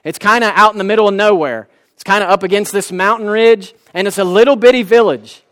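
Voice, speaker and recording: A man's voice: high voice, fairly quick, a bit bright. A man, preaching a sermon in a folksy, impassioned way. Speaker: pastor.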